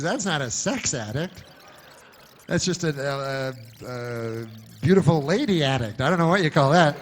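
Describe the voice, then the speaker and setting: A man telling a meandering stand-up story in a deadpan way, full of asides. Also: a little high, unhurried, a little hiss or hum. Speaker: stand-up comedian.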